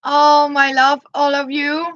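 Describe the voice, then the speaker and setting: A woman, chatting gently on a live stream and greeting her viewers by name. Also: sits high, monotone, takes it slowly, dry recording, muffled recording. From Denmark. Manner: greets viewers by name between thoughts, gentle, frequent soft laughs. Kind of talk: casual live-stream chat.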